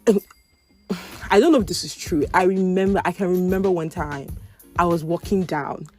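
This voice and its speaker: A young woman hosts a podcast and tells stories casually, her voice sitting a bit low for a woman. She acts out what people said with sudden leaps in pitch. Faint music plays under her talk. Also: moderate pace. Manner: animated, acts out quotes with sudden pitch jumps. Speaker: podcast host. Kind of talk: casual storytelling.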